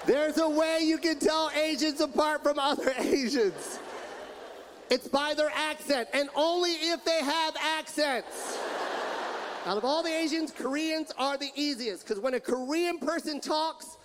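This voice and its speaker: A man with a very high voice performs stand-up on a club stage, loud and playful as he puts on voices. A roaring crowd and heavy noise fill the live recording. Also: measured pace. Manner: loud, puts on accents, laughs between lines. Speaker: stand-up comedian. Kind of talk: stand-up comedy set.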